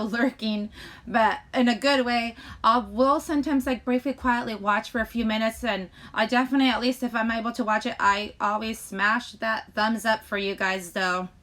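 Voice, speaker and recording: A woman's voice: fairly high pitch, fairly bright tone. A woman hosting her own channel, chatting casually to viewers in a rambling way, with many restarts. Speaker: channel host. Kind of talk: casual vlog chat to viewers.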